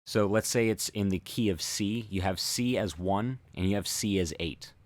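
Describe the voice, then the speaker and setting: Deep-voiced man explaining with many fillers. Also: dry recording. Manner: thoughtful, halting, many fillers and restarts. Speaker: host analyzing body language. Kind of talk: casual explanatory commentary.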